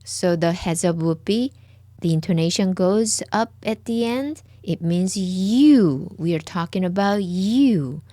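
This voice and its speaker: A Korean language teacher with a fairly low, dark voice and lively intonation leads a slow lesson. She patiently repeats each word several times for the viewer. The recording is close up, with no room sound.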